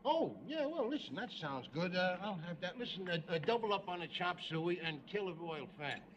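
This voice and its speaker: An actor playing a blustering, wisecracking middle-aged working-class husband in a 1970s sitcom, gruff and ungrammatical. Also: male voice, high voice, sing-song, fairly quick, a bit bright. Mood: joking. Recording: noisy sitcom audio with laugh track.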